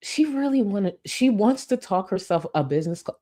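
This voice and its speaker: A woman's voice: mid-range voice, animated, normal speed, few pauses. A woman hosting a commentary channel, reacting to clips with a sassy, mocking rant and talking back at them.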